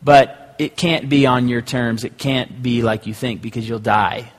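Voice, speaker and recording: A man voicing God as a calm, firm male figure who speaks in a plain and casual way, heard in a hall with long reverb. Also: mid-range voice, unhurried, lightly acted.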